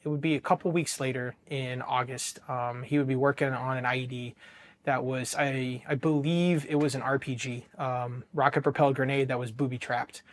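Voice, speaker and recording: A Marine veteran from Ohio recounting combat in a raw, profane interview, halting and restarting often, going quiet at the painful parts. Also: male voice, medium pitch, fairly even intonation, slight background noise. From Ohio, USA. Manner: emotionally charged, dropping quiet at painful moments. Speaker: Marine veteran telling his war story. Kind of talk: personal interview storytelling.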